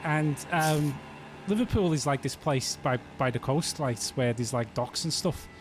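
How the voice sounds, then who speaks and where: A man's voice: fairly high pitch, unhurried, over music. A man from the north of England, chatting casually and rambling with jokes while streaming a game. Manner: rambling, joking, chuckles often. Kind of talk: casual chat while playing a game live.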